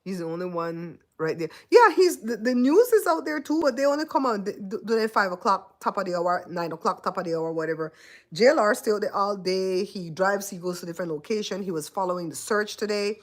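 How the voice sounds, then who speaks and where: A woman's voice: mid-range voice, expressive, a little fast. A Belizean woman hosting a casual livestream chat, laughing often and teasing her viewers. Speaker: host.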